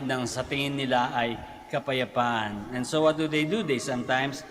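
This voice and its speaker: A man with a Filipino accent, a priest giving a morning homily in a conversational preaching manner and posing rhetorical questions. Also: on the high side. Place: large church basilica. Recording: long church reverb with faint noise.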